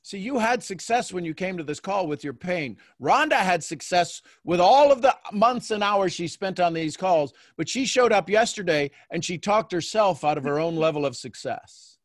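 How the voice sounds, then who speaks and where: A man hosting a coaching call, talking in a playful, animated way and acting out little quotes. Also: sits high, moderate pace, few pauses, dry recording, clean studio sound. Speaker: host and mentor.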